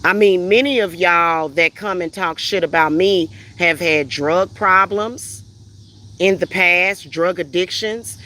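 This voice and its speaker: A woman's voice: on the low side, takes it slowly, pushed and bright. A woman hosting a livestream who answers her chat in a heated, profane and confrontational rant, reading out comments and firing back. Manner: reads out viewer comments and retorts. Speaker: spiritual reader hosting a livestream.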